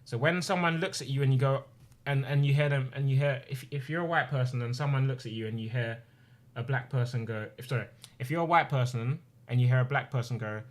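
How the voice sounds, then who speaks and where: A man's voice: mid-range voice, quick pace. A man in his twenties talking on stream, earnest and impassioned, repeating phrases for emphasis. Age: 20s. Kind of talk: emotional personal talk on stream. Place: home streaming room.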